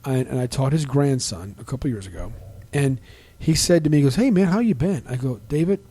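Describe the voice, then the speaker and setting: Rambling man host, mellow dry voice. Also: medium pitch, animated, slightly rough, no room sound. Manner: rambling, halting with restarts and fillers. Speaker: podcast host. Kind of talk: casual podcast chat. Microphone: desk microphone.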